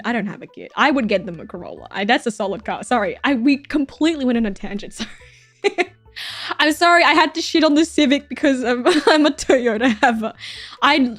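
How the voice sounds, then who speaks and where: A woman's voice: sits high, animated, brisk, dry recording. A young woman streamer chatting casually as she reacts to stories, laughing often and swearing freely. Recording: dry close mic with faint music behind.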